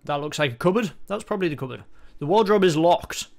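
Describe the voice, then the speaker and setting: A man giving sarcastic, sweary let's-play commentary on an old game, with deadpan asides. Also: fairly high pitch, fast, vocal fry. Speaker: gaming channel host.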